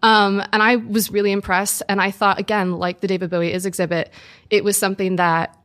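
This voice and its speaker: This is a woman of medium pitch, speaking as a guest in a studio. She is chatty and enthusiastic and leans on fillers like "um" and "like" as she talks. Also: level tone, fairly quick, a bit bright. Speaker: guest, music journalist. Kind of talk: casual interview chat.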